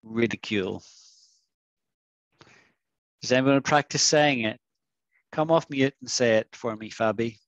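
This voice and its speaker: A man leads an online English vocabulary class over a video call, patient and coaxing as he sounds out each word slowly for his students. His voice sits at an ordinary middle pitch. The sound is dry, with no room echo. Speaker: English teacher.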